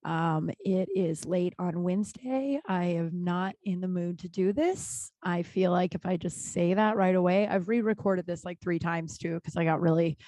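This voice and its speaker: A woman's voice: lowish voice, moderate pace, hardly any pauses, dark tone, no echo. A woman hosting her own podcast in a casual solo monologue, blunt and swearing freely, rambling with many restarts, recorded in a small closet at home. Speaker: podcast host.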